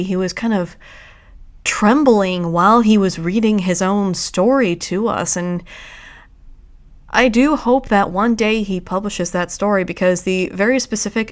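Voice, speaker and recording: A woman hosting a casual livestream, talking in a halting, reflective way with frequent restarts. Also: medium pitch. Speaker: streamer host.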